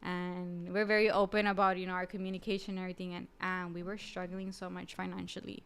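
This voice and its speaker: A woman as a podcast guest, telling a personal story in an emotional, halting way with many fillers and restarts. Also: fairly low pitch, little pitch movement, clean tone. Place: podcast studio.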